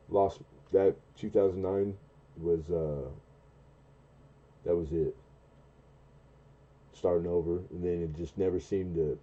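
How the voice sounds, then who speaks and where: A man in his forties telling a long, rambling story on a casual late-night stream, often stopping and restarting mid-sentence. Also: highs cut off. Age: 40s. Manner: rambling, halting, with many restarts and fillers; acts out quoted dialogue in a much higher, louder voice. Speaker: livestream host.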